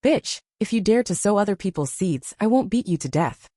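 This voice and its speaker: A woman's voice: mid-range voice, expressive, moderate pace, mellow, no room sound, studio quality, lightly acted. A woman voicing a furious old man who roars harsh insults, in a storybook reading.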